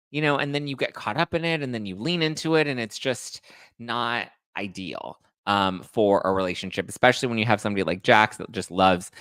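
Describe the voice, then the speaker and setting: A man's voice: on the low side, fairly bright tone, clean tone, no echo. A man hosting a podcast, rambling through casual gossip chat full of "like" and "listen". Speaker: podcast host.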